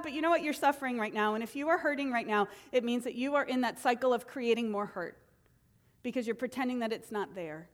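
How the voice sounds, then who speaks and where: A high-voiced middle-aged woman preaches to her congregation. She is animated and slips into acted voices for quotes. Her voice rings with a long hall reverb. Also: quick pace. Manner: animated, acts out quotes with voice changes. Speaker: minister. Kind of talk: sermon.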